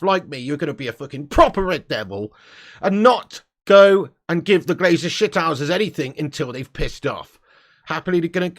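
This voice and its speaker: A man hosting a casual live-stream fan show, blunt and sweary, laughing between rants. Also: high voice.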